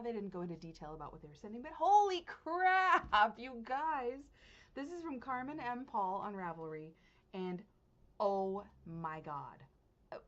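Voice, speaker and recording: A woman with a mid-range voice hosts a knitting podcast, chatting casually with viewers while unboxing. She's excitable and gushing, laughs a lot, and swings between hushed and loud. The audio sounds dull.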